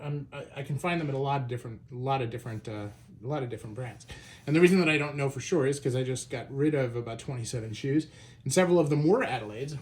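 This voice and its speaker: A man's voice: mid-range voice, darkish tone. A man hosting a casual show-and-tell vlog, talking in a loose conversational way with frequent fillers and restarts. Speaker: shoe collector and channel host.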